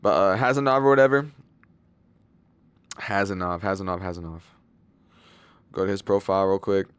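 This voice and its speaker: A man's voice: deep voice, fairly even intonation, normal speed, smooth. A young man giving casual, rambling fight predictions, loose and slangy, with lots of fillers and swearing. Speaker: MMA fight predictions channel host.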